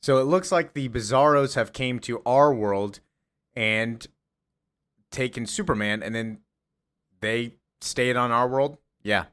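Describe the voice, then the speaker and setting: A man's voice: mid-range voice, slow, fairly bright tone, clean tone. A young man casually retelling a comic plot in a rambling, offhand way full of fillers. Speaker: voice actor and comic recapper.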